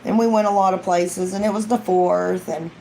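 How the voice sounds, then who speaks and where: A woman's voice: medium pitch, steady tone, normal speed, vocal fry, mellow, slight background noise, poor audio. A woman, an ASMR vlogger, chatting casually and rambling on a live stream, acting out quoted lines as she goes.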